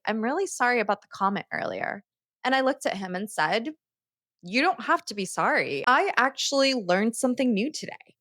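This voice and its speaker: A woman hosts her own self-help show and tells a personal story in an animated, chatty way, laughing at herself along the way. Her pitch sits in the middle and swings widely. The sound is close and dry. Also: no echo. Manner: animated, laughs at herself while telling stories. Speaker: podcast host.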